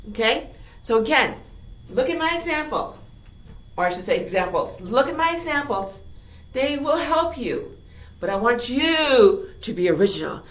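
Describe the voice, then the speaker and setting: A woman teaching a recorded online grammar lesson to high school students, lively and playful, repeating key words. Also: measured pace. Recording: echoey room.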